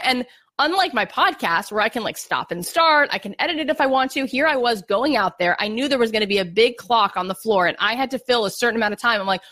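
A middle-aged woman speaks with a slightly high, earnest voice, telling a heartfelt motivational story. She is openly emotional and acts out her own anxious inner voice as she goes. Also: expressive, fairly quick, pushed and bright. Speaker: podcast host and speaker.

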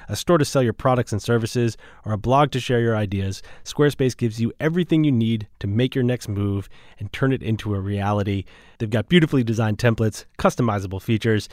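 A man's voice: mid-range voice, darkish tone, no echo. An upbeat man co-hosts a podcast, reading sponsor spots and chatting casually with some fillers. His voice sits mid-range and the sound is dry. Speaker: podcast co-host. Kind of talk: casual chat and host-read ads.

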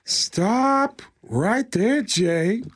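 Comedian doing an intense, gravelly older leading man: slow, dramatic, soaring into shouts. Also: high voice, expressive, voice pushed up, full character voice. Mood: awed, hushed. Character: gravel-voiced aging male movie star, intense, explosive.

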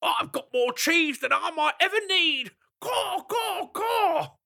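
A man voicing a greedy, boastful male raven in a storybook, cawing in a very high, shrill cry. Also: very animated, slow pace, vocal fry, bright, forceful tone, exaggerated voice.

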